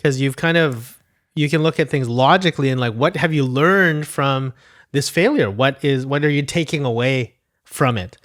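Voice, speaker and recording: A man's voice: mid-range voice, normal speed, fairly bright tone. A man co-hosting a casual podcast chat, rambling a little and often laughing at himself. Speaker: podcast co-host.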